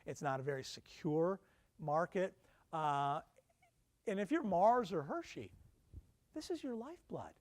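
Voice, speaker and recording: A male professor gives a conversational lecture to alumni, quizzing the room with questions and tossing in self-deprecating asides. His voice runs on the high side, very animated yet a little slow, with long pauses.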